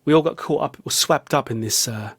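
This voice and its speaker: A vlogger with a London accent delivers a rambling, self-deprecating comic monologue from a small, hot studio, his voice swinging dramatically. His medium-pitched voice is creaky, a bit bright, and slightly rough, and he talks fairly quickly.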